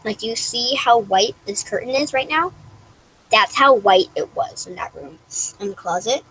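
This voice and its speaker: A woman's voice: fairly high pitch, moderate pace, a bit bright, breathy edge, low-quality recording. A young woman vlogger rambling through a story to camera in a casual, giggly way, full of restarts and "like".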